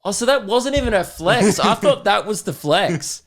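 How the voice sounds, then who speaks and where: A man's voice: high-pitched, animated, normal speed, a bit bright. Joking Australian man hosting a podcast. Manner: joking, sarcastic, reads listener messages aloud. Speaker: podcast host. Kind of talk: casual comedy podcast chat.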